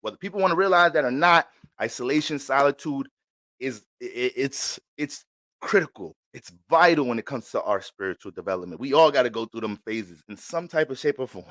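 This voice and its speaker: A man's voice: medium pitch, animated, fairly quick, a bit bright, no echo. Casual, profane man in a dry room. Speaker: astrology vlogger. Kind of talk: casual monologue.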